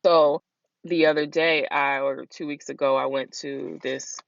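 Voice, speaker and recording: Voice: medium pitch, fairly even intonation, unhurried, vocal fry, no echo. Rambling, candid podcast host, dull dry sound. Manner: rambling and candid, filled with "like" and "you know". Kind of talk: casual solo podcast monologue.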